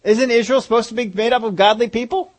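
Emphatic high-voiced male preacher. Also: steady tone, quick pace. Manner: rhetorical questions, emphatic. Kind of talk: sermon.

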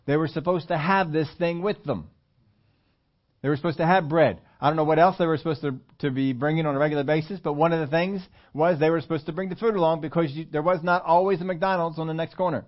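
A man preaching a sermon, reading scripture aloud and switching between loud emphasis and hushed delivery. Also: a little high, fairly even intonation, fast, highs cut off. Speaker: pastor.

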